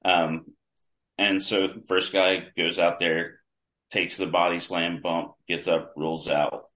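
A deep-voiced man, a longtime wrestling fan appearing as a podcast guest, speaks slowly in a level, slightly bright tone. He tells casual, detailed stories vividly, frequently restarting mid-sentence.

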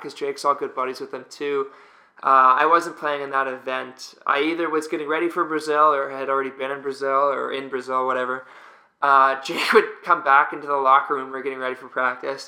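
A man's voice: mid-range voice, sharp tone. A young man, a volleyball player, casually telling stories with rambling fillers and restarts. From Canada. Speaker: guest, pro volleyball player. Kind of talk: casual storytelling. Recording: roomy echo.

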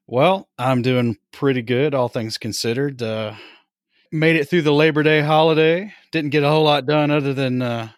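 A man hosting a hobby podcast, chatting casually in a relaxed, unhurried way with frequent fillers. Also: fairly high pitch, no room sound, studio quality. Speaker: podcast host.

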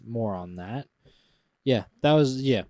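A man's voice: medium pitch, animated, slow, mellow, no room sound. A man co-hosting a podcast in casual chat, rambling and often stopping mid-thought. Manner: loose, rambling and self-interrupting. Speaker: podcast co-host.

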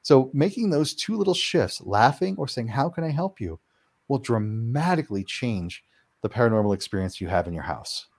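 A man answering interview questions, explaining his work clearing houses and acting out quoted reactions as he talks. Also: moderate pace. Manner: animated, acts out quoted reactions with big pitch jumps. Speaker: paranormal house-clearing practitioner, guest.

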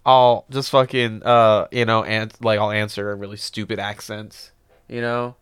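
A young man co-hosting a casual podcast, excitable, swearing a lot and stammering when surprised. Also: on the low side, normal speed, smooth, no room sound. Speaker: podcast co-host. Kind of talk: casual chat.

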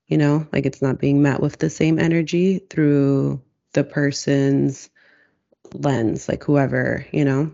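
Searching, gravelly-voiced speaker in conversation. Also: medium pitch, darkish tone, highs cut off. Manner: slow, searching, many "like" fillers. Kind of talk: reflective casual conversation.

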